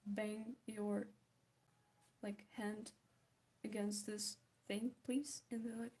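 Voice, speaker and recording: A woman chatting casually while she paints, self-mocking, often dropping into soft whispers. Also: mid-range voice, little pitch movement, takes it slowly, long pauses. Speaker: art vlogger.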